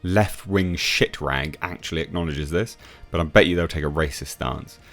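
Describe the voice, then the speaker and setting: A man with a very low voice runs a scoffing commentary vlog, breaking off often with filler sounds. Soft music plays faintly underneath. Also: normal speed. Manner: mocking, scoffing, frequent uh fillers. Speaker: YouTube commentator.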